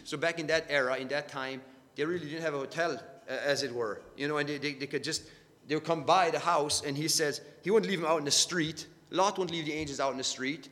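Earnest preacher in an echoing hall. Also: male voice, a little high, fairly bright tone. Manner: halting, repeats words, earnest. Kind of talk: sermon. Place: church meeting hall. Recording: long hall reverb.

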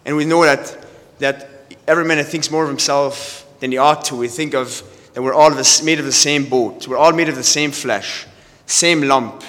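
Halting preacher man in a reverberant hall. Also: on the high side, fairly bright tone. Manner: halting, with frequent restarts and scripture quotes. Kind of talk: sermon.

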